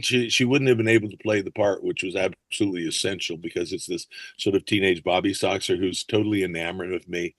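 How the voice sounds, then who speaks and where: A man's voice: low voice, dry recording. An older man, a podcast guest, telling rambling anecdotes with plenty of fillers and restarts. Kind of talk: anecdotal interview chat.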